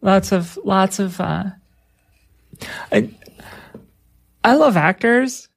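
A woman co-hosting a radio talk show, chatting casually with halting restarts and easy laughter. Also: medium pitch, expressive, creaky, slightly rough. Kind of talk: casual on-air chat.

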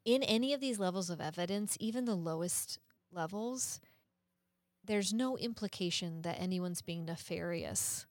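A woman's voice: on the low side, moderate pace, no room sound, studio quality. A woman co-hosting a podcast, explaining things earnestly in casual chat, laughing often and cursing now and then. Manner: curses casually.

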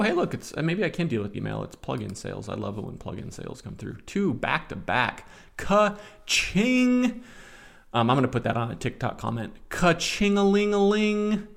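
A man's voice: lowish voice, creaky. A man in his forties hosting a casual solo podcast, reading out comments and adding sarcastic commentary. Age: 40s. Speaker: podcast host.

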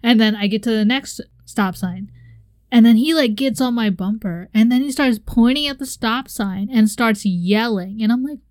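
A woman's voice: on the high side, normal speed, a little mellow, no echo. A young woman co-hosting a casual chat, telling a story animatedly and acting out her own reactions with laughs. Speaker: podcast co-host.

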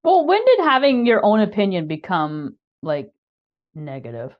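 A woman's voice: mid-range voice, huge pitch swings, moderate pace, muffled recording. A woman coach, a podcast guest, chatting earnestly and with emphasis. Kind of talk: casual podcast chat.

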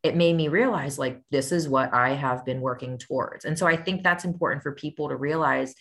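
A woman's voice: low voice, a little fast. A young woman guest on a podcast, explaining earnestly and upbeat, with many fillers. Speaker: guest, real estate investor and author. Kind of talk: conversational interview.

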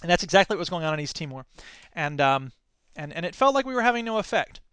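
An American man in his thirties telling a story in a talk, animated, acting out quoted voices, with many fillers and restarts. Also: on the high side, quick pace, clear, resonant tone, no room sound. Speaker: speaker giving a talk. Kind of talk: storytelling lecture.

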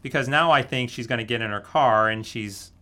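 A man's voice: mid-range voice, a little fast, bright, forceful tone. A man casually telling a story, laughing often as he goes. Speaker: guest telling a dating story. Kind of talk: casual anecdote.

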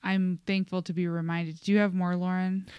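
Podcast co-host, young adult woman, smooth and close, low-ish voice, chatty and loose with fillers. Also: flat delivery, normal speed, no echo, dull audio. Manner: chatty, many "like" fillers, acts out quotes. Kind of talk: casual chat.

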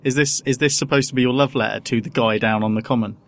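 A man's voice: mid-range voice, fairly even intonation, quick pace, slight background noise. A man chats casually as a podcast co-host. He rambles and restarts his sentences often, trailing through one point after another. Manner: hesitant, rambling with many restarts. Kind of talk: casual chat.

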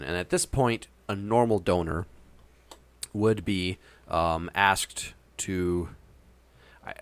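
A man's voice: fairly low pitch, a bit bright, dry recording. A man casually telling a long, meandering anecdote with frequent hesitations. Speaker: storyteller. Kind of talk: casual chat.

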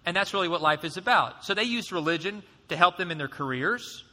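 A man preaching a sermon as pastor, in a conversational, animated way, acting out voices now and then. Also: high-pitched, fairly quick, big-room sound.

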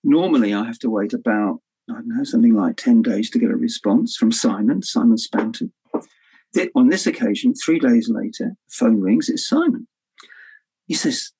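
An older man telling stories as an interview guest, his voice sitting at an ordinary middle pitch. He animates his tales by slipping into the voices of the people he quotes, salting them with the odd swear word and laugh. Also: big pitch swings, normal speed, a little mellow, breathy edge, poor audio. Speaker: author guest. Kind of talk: anecdotal storytelling.

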